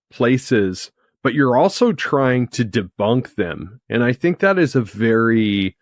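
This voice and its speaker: A man hosting a podcast, asking a guest interview questions in a measured way. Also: lowish voice, no room sound, studio quality. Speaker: podcast host.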